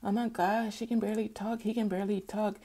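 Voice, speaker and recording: Brief: a woman mocking a stuck-up, sneering woman, low and hushed. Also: level tone, fast, close to an everyday voice. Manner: hushed, scornful mimicry. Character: snooty woman sneering at how others talk.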